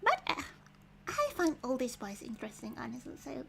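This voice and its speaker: Giggly high-voiced woman streamer. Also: wildly swooping pitch, brisk, gravelly, pushed and bright, slight background noise, rough recording. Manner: chatty and giggly, thinking aloud with many restarts. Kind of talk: casual livestream commentary.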